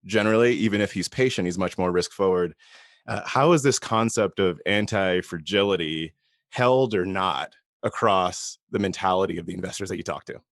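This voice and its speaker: A man hosting a podcast, asking long, measured questions that link several ideas together. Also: sits low, dry recording, clean studio sound. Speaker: podcast host. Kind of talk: podcast interview.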